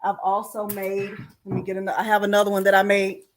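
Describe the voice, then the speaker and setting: A woman's voice: mid-range voice, completely flat delivery, quick pace. A woman hosting a live-streamed craft tutorial, chatty and friendly, greeting viewers by name and often saying "y'all". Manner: Southern-style "y'all".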